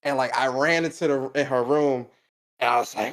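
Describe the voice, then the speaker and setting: A man's voice: mid-range voice, normal speed, a bit bright. A young man co-hosting a podcast, telling a personal story in casual slangy chat, laughing often. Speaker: podcast co-host.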